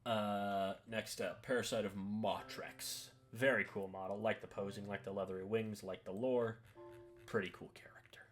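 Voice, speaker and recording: A man with a fairly low voice talks through a tier list in a relaxed, offhand way. He trails off, says "uh" and "eh" a lot, and sounds casual. Guitar music plays clearly underneath him. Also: moderate pace. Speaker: hobby video creator.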